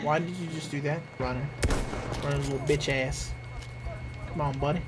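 A man ranting and swearing through online gameplay with friends, breaking into loud angry shouts. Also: on the high side, fairly even intonation, normal speed, noisy background. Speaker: gamer.

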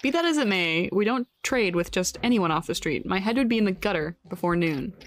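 A woman's voice: mid-range voice, expressive, brisk, pitched below the performer's own voice, close to an everyday voice. A woman reading as a cocky raccoon junk dealer. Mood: boastful. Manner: cheeky dealer's patter, read aloud from game text.

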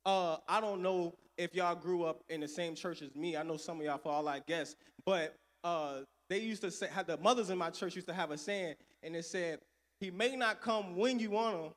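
High-voiced preacher in an echoey church. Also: male voice. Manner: call-and-response preaching, swings between loud and soft. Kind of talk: sermon. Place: church sanctuary.

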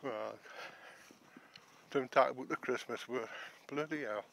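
A man's voice: mid-range voice, measured pace, creaky, a bit bright. Guy out of breath on a hike, chatty, laughs a lot, faint outdoor noise behind. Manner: chatty, talks to himself and viewers, laughs often. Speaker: walking vlogger. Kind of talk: casual running commentary while hiking. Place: outdoors in a rural forest. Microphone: chest-mounted action camera.

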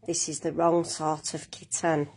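A grumbling, indignant old house cat from a children's storybook, given voice by a woman reading aloud. She talks low and slow with a husky, breathy edge, muttering her complaints. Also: flat delivery, darkish tone, exaggerated voice. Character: grumpy old female house cat, ghost.

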